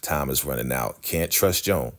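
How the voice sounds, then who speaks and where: A man casually recapping a TV episode, chatty and animated, with slang. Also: extremely low pitch, moderate pace. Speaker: TV show recapper.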